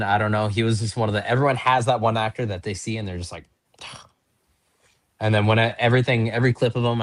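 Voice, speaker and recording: A man from North Dakota, a pro wrestler and podcast guest, telling casual stories in a chatty, rambling, self-deprecating way. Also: on the low side. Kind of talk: casual storytelling in an interview.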